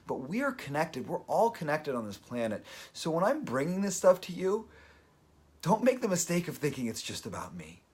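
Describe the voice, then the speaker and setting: A man's voice: on the high side, breathy edge. A man hosting a daily live video, talking earnestly and openly emotional as he gives motivational advice. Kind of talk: motivational live-stream talk.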